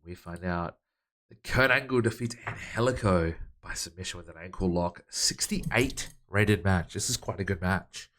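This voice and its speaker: A man co-commentating a wrestling management game in a relaxed, conversational way. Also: low-pitched, moderate pace. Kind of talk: casual let's play commentary.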